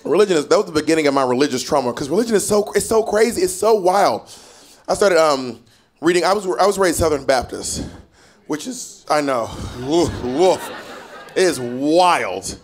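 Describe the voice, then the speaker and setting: A man performing a stand-up comedy set, animated and sassy, with lots of profanity. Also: on the high side, moderate pace. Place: comedy stage before a live audience. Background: faint audience laughter.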